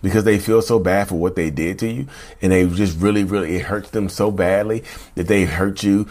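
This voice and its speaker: A man's voice: sits low, fairly even intonation, a little fast, a little mellow. A man hosting his own channel, talking casually to viewers, repeating himself and calling them y'all. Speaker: channel host. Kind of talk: casual talk to camera.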